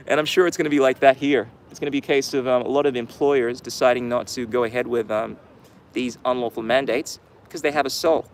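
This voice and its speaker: A man's voice: mid-range voice, fairly even intonation, quick pace, a little hiss or hum. A man hosting his channel's livestream, rambling through casual, sarcastic commentary. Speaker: channel host.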